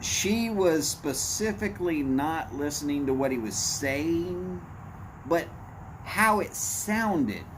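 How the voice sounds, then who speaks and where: A man's voice: a little high, expressive, takes it slowly, noisy background. A man hosting a casual livestream, chatting with viewers in meandering asides, with a tone others hear as angry. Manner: blunt, talks in meandering asides. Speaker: livestream host reading chat. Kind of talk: casual rambling chat.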